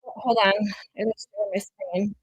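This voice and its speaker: A woman's voice: mid-range voice, fairly even intonation, a little slow, slightly rough, no echo, lo-fi sound. A woman hosting a live stream, chatting casually and laughing as she shows her co-host something on screen. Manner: chatty, laughs often, urges co-host to look.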